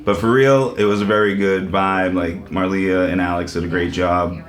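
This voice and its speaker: A man doing loose stand-up, riffing with dark, profane, self-deprecating jokes. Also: low-pitched, steady tone, moderate pace. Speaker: stand-up comic.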